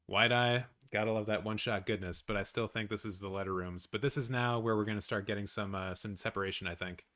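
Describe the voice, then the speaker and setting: A man hosting a live watch-along stream, chatting casually with his viewers, swearing often and reacting loudly. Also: on the low side, brisk. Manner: excitable, swears a lot, talks to chat.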